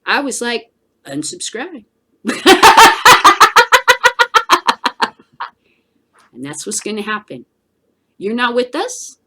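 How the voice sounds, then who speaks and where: A woman's voice: on the high side, very animated, normal speed, a bit bright, slight background noise. A woman hosting a cannabis news show, giving blunt, emphatic solo commentary with a preachy edge.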